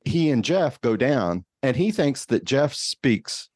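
An easygoing male host chats with his guest, laughing as he wanders into his own anecdotes. His voice is mid-pitched, and the recording is close and dry, with no room sound. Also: very animated, slow, a little mellow, dry recording. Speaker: podcast host. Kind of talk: casual interview chat.

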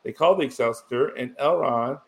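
A man's voice: mid-range voice, moderate pace, vocal fry. Rambling man in casual chat. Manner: rambling, full of "you know" and restarts, emotional. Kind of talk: casual chat recapping a TV episode.

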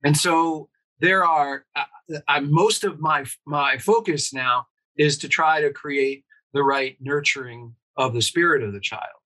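A man's voice: on the high side, a little slow, bright, forceful tone, low-quality recording. A man, a pediatrician guest on an interview, explaining earnestly and asking rhetorical questions.

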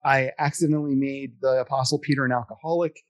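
A man's voice: mid-range voice, steady tone, quick pace. A middle-aged man telling a long story in casual chat, rambling and self-deprecating, with many fillers. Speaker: podcast guest telling stories.

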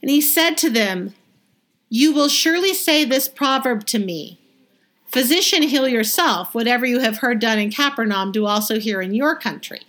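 A woman with a fairly high voice leads a Bible study. She reads a scripture passage aloud, then explains it in plain, lively, conversational words. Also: moderate pace. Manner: lively, conversational, acts out the crowd's reactions. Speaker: Bible teacher.

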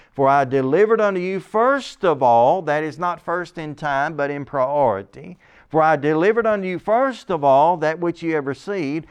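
A man preaching a sermon, reading scripture aloud and slowing down to stress its key phrases. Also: fairly high pitch, clear, resonant tone. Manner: reads scripture aloud, then explains it.

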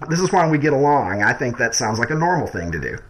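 A man's voice: mid-range voice, big pitch swings, quick pace, slight background noise, poor audio. A man in casual chat, easygoing, laughing often and making dry quips.

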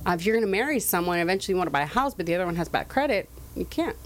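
A woman's voice: fairly low pitch, expressive, racing, slight background noise. A woman business owner, a guest on a talk show, explaining credit repair in casual, earnest interview chat. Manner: earnest, explanatory, laughs easily.

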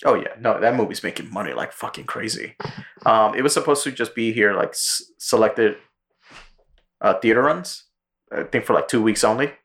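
Low-pitched guy on a podcast, swearing a lot, acting out bits of a movie plot. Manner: profane, animated storytelling with quick character impressions. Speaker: podcast co-host. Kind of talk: casual chat, retelling a movie plot.

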